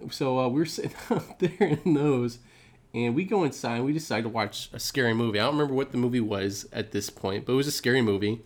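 A man's voice: medium pitch, fast talker. A young man casually telling a story to a friend, giggling and often adding "right?" as he goes. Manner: giggly, repeats himself, frequent "right?".

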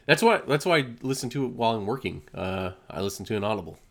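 A man's voice: on the low side, lively intonation, fast, fairly bright tone. A man co-hosting a casual chat, telling stories animatedly and laughing often.

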